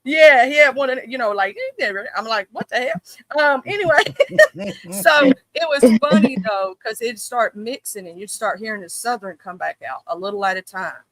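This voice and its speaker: A woman telling a lively story in casual live-stream chat, emphatic and swearing casually. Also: a little high, brisk, hardly any pauses, rough recording.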